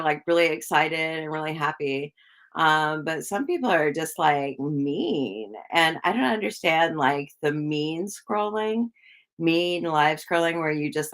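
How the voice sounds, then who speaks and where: A woman's voice: low-pitched, creaky. A woman chatting casually with viewers on a livestream, rambling with lots of fillers and little giggles. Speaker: psychic livestreamer.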